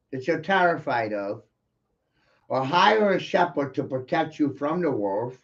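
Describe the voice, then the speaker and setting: A man's voice: fairly high pitch, very animated, a little slow, dull audio. A man ranting in an intense, profane monologue full of rhetorical questions.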